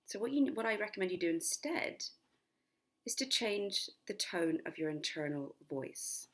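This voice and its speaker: A middle-aged woman hypnotherapist giving a chatty self-help lesson, at times dropping into a slow, sleepy, whispered demonstration voice. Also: mid-range voice, animated. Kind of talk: casual spoken self-help lesson to camera.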